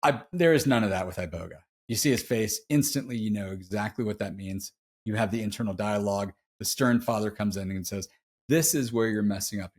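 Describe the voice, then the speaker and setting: A man's voice: lowish voice, fairly quick, husky. A middle-aged man telling a personal story as a podcast guest, laid-back and slangy, heartfelt and confessional. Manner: laid-back, slangy, peppers speech with "dude". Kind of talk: casual interview storytelling.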